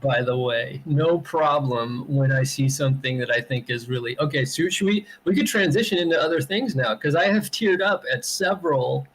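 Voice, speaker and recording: A man co-hosting a podcast in casual chat, animated, acting out other people and swearing freely. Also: medium pitch, normal speed, hardly any pauses, husky, rough recording. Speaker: podcast co-host.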